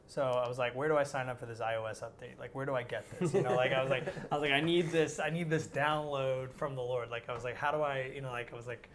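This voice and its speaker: A man of middle pitch tells a personal story as an interview guest. He talks in an animated, looping way, stacking up "like" and "I was like" as he acts out what he said. A faint hiss sits under the recording. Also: very fast, few pauses. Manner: animated, rambling, heavy use of "like".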